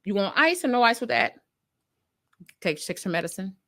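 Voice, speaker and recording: A young adult woman who is a nurse and podcast host tells an emotional personal story, speaking directly to her listeners. Her mid-range voice moves at a moderate pace, and her delivery is casual and animated.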